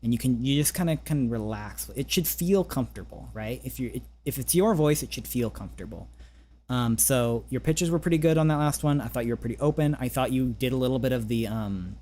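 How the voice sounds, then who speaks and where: A man coaching singing in a relaxed online session, talking gently with many restarts and fillers, now and then singing a few scale notes. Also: medium pitch, fairly quick. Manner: sings short scale demos. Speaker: vocal coach. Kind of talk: casual vocal lesson over a call.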